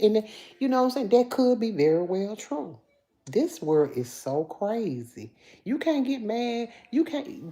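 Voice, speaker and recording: A woman's voice: deep voice, dark tone. A woman in her fifties with a Memphis accent, chatting casually on a livestream and reading viewer comments aloud. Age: 50s. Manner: chatty, addresses viewers as y'all. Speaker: livestream host.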